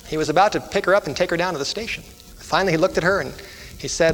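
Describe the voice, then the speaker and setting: A man's voice: a little high, quick pace, a bit bright. A male preacher leading a prophecy seminar, telling a story with fervent, rhythmic repetition and calls of amen and hallelujah. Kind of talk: evangelistic sermon with storytelling. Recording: echoey hall, faint music.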